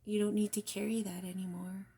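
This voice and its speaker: A woman gives a spiritual guidance card reading in a mellow, gravelly voice full of vocal fry. Her pitch stays flat and even as she talks in a soft, reflective way, often sinking to near-whispers. She slips in casual swearing between gentle encouragement. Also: a little fast. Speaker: tarot reader.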